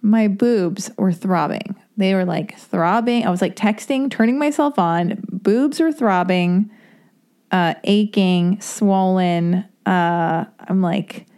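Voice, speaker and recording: Woman, young adult, solo podcast host; loose, filler-heavy, self-deprecating chat, warm low tone. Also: slow. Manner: chatty and rambling, heavy on fillers, self-mocking. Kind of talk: casual solo podcast intro.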